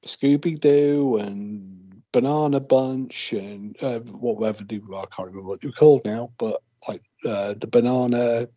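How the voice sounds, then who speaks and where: Husky-voiced Englishman telling rambling stories. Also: medium pitch, a little slow, few pauses, dark tone. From England. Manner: chatty storyteller, jokey and rambling. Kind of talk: casual chat. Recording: muffled lo-fi recording.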